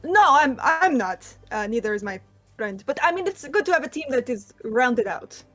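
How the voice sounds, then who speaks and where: A woman's voice: sits high, big pitch swings, moderate pace, fairly bright tone, soft background music. A woman playing a huge, friendly, polite warrior in a tabletop game, in near her own voice. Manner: polite, casual.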